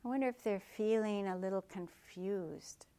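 A woman meditation teacher giving a dharma talk in a gentle, reflective way with soft asides. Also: medium pitch, normal speed, clear, resonant tone.

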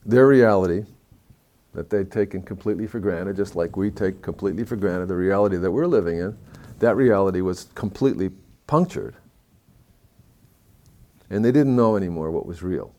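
A man telling a story in a talk, moving between hushed, somber passages and lively, excited stretches. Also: low voice, moderate pace, long pauses.

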